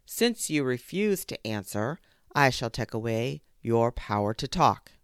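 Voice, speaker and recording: A storyteller voicing a wise, stern lion who bellows slow judgments, in a storybook reading. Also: mid-range voice, sing-song, smooth, dry recording, clean studio sound.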